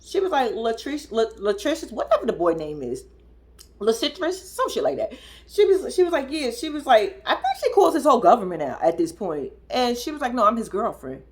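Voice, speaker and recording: A young woman talks straight to her audience in a loose, profane rant, sounding incredulous and animated. Her voice sits a little high, and she jumps up into squeaky mimicry whenever she imitates someone. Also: brisk. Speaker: reality TV commentator. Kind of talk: casual reaction commentary.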